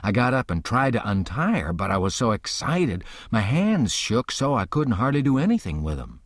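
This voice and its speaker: A man's voice: medium pitch, sing-song, moderate pace, dry recording, studio quality. A man narrating an audiobook in the first person, telling the story in a folksy rural dialect.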